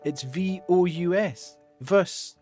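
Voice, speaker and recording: A Scottish man chats over his game stream at an unhurried crawl, fussily spelling out words as he explains himself. His voice sits a touch above the usual range, and faint music runs underneath. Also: a little high, darkish tone. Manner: pedantic and slow, spells words out. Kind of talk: casual gameplay commentary.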